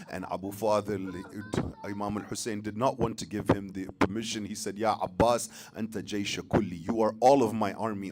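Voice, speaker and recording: A man delivering a mourning sermon, with phrases, swinging from loud, high cries to hushed lament. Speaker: preacher.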